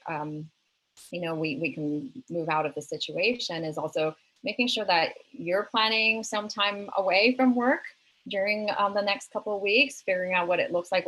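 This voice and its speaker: A woman's voice: low voice, a bit bright, poor audio. A woman answering as a panelist in a webinar discussion. She speaks conversationally and hesitantly, with many ums.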